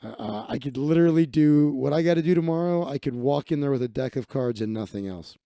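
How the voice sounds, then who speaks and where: A man's voice: a little high, expressive, fast talker, gravelly, warm tone, dry recording, clean studio sound. A man hosting a live stream, telling a casual story with lots of restarts and swearing. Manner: rambling, profane, many restarts and fillers. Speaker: live-stream host, magician.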